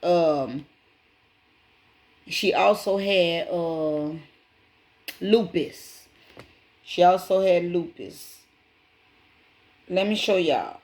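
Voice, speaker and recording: A woman's voice: lowish voice, extremely slow, long pauses, a little mellow. A woman hosting her own channel, casually retelling a story to her viewers, speaking emphatically, repeating key points and calling them y'all. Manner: addresses viewers directly as y'all. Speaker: channel host.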